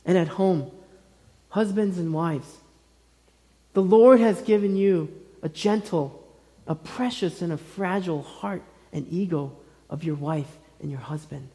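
A man in his thirties preaching a sermon as pastor, earnest and gentle, speaking in short phrases with many pauses. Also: high voice. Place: church sanctuary. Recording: reverberant church hall.

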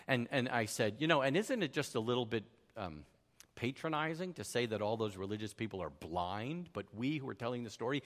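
A man tells a personal story the way a preacher would, poking fun at himself and acting out the voices of the people in it. His pitch rises and falls a lot. The voice rings with the long reverb of a large hall. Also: moderate pace. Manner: animated, self-deprecating, acts out quoted voices. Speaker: speaker telling a personal story. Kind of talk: sermon-style storytelling.

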